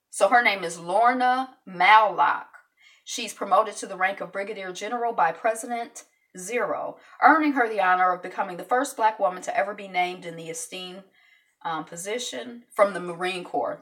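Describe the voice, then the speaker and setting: A woman's voice: on the low side, creaky, a bit bright, distant mic. Rambling woman chatting about the news. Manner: conversational, rambling, many fillers and asides. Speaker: host commenting on news. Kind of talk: casual news commentary monologue.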